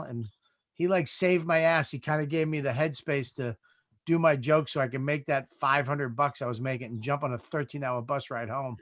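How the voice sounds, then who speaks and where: A man hosting a live comedy chat show over a video call, talking casually with lots of swearing and halting restarts. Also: medium pitch, fairly even intonation, fairly bright tone, no room sound, clean studio sound. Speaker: host.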